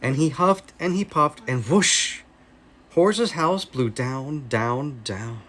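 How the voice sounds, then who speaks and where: A man with an American accent reading a children's story aloud in a slow, expressive way. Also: mid-range voice.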